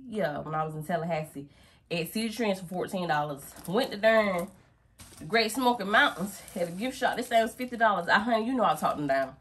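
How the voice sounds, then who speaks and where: A woman's voice: mid-range voice, lively intonation, a little fast, a bit bright, slightly rough. A young woman vlogging at home to her phone camera, chatty and playful, calling her viewers baby and girl. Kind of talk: casual chat to camera.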